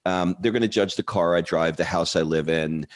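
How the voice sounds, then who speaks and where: A deep-voiced man hosting a relaxed interview. His voice sits low but leaps upward when he gets into a story. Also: normal speed. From United States. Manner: animated storyteller, sudden jumps up in pitch. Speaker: podcast host. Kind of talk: casual interview.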